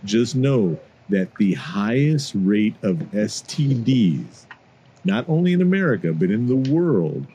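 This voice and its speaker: A man's voice: on the low side, big pitch swings, warm tone, slightly rough. A congested man co-hosting a casual podcast, joking and stretching out his phrases. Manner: loose, joking, drawn-out phrasing. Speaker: podcast co-host. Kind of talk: casual chat.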